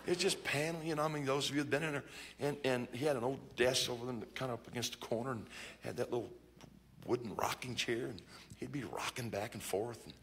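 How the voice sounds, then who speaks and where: Man preaching, gravelly voice, bright edge, jokes around, acts out quotes, faint hiss behind. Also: medium pitch, fast talker. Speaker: bishop preaching. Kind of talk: storytelling sermon. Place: church conference hall.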